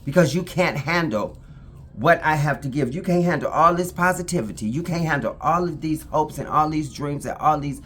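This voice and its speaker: A woman's voice: sits low, moderate pace, a bit bright, a little hiss or hum. A woman talking casually to her camera, emphatic and repetitive, now and then breaking off to talk to her puppy. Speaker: vlogger.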